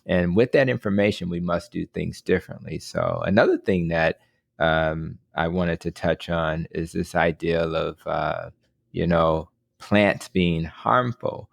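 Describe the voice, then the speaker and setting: Deep gravelly male podcast host. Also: steady tone, a little slow, dry recording, studio quality. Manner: earnest, repeats words when starting sentences. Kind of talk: conversational interview.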